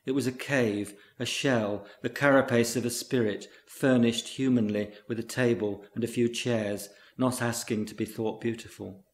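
Man reading literary fiction, measured. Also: mid-range voice, fairly even intonation, roomy sound. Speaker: reader. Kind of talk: literary short story reading.

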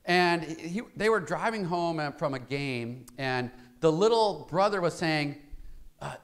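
A man's voice: fairly high pitch, expressive, a little slow. A male pastor giving a conversational sermon in a church, telling a story and asking the congregation rhetorical questions.

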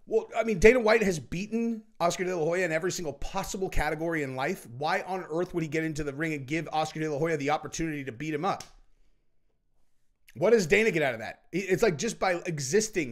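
A man hosting his own show, giving casual opinion commentary in a rambling, emphatic way with frequent restarts. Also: a little high. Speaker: show host.

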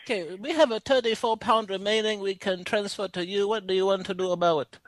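A man putting on a squeaky, taunting phone rep. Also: steady tone, fairly quick, no room sound, lightly acted. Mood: mocking. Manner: mocking, taunting and crude. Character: rude high-voiced male customer-service rep. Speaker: prank caller.

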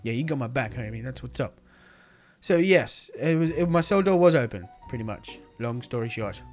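A man hosting a roleplay series, playing himself in excitable casual chat, often calling others dude or man. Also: mid-range voice, normal speed, faint music behind.

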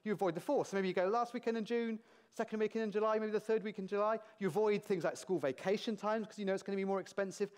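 British male conference speaker, slightly high voice, playful, quizzes the room. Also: fast, long reverb tail. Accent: British English. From Britain. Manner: lively, jokey, asks the audience questions. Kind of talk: conference talk. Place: large conference hall with audience.

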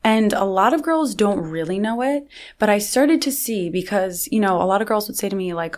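A woman's voice: mid-range voice, lively intonation, normal speed, a little mellow. A young woman talking as a podcast guest in a casual conversation, chatty and full of fillers.

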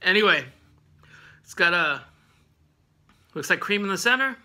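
A man's voice: high voice, expressive, a little slow, bright, forceful tone. A man hosting a casual snack review vlog at home, rambling with lots of fillers and laughing often.

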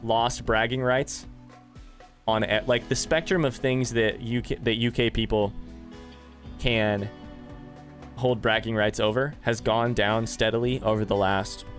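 Frantic swearing male game streamer. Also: medium pitch. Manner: swearing, reads chat aloud, frantic outbursts. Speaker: gaming streamer. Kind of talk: casual live-stream commentary.

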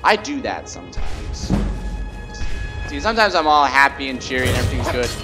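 Young man, casual gameplay commentary, goofy, sings to himself, game music loud in the background. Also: medium pitch, huge pitch swings, fairly quick. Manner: goofy, jumps between loud outbursts and mumbling, sings to himself. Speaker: let's play gamer. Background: game music and sound effects.

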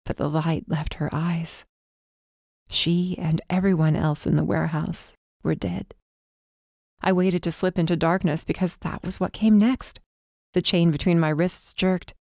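A woman reading a first-person fantasy audiobook with intense, measured drama. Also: fairly low pitch, darkish tone, no echo, clean studio sound. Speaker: audiobook narrator.

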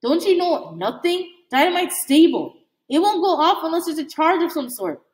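A woman's voice: very high-pitched, sing-song, moderate pace, far from the mic. A woman voicing a menacing teenage boy bully with a taunting, hostile manner. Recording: echoey room.

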